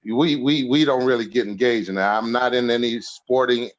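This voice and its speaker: A man's voice: mid-range voice, normal speed, highs cut off. Laughing storyteller in his sixties. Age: 60s. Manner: humorous, laughs through his stories. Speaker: podcast guest. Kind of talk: casual storytelling interview.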